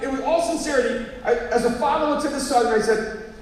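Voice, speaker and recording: A man, a pastor, preaching a sermon with animated storytelling that rises to emphatic exhortation. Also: very high-pitched, a little fast, a little hiss or hum. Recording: echoey hall, mic at a distance, faint ambience.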